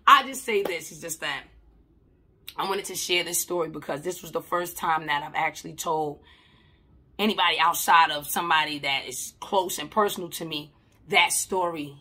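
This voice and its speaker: Emphatic, husky-voiced woman telling a story. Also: on the low side. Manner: emphatic, blunt and repetitive, swinging between loud and soft; swears casually. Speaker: mental health worker. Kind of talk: casual storytelling to camera.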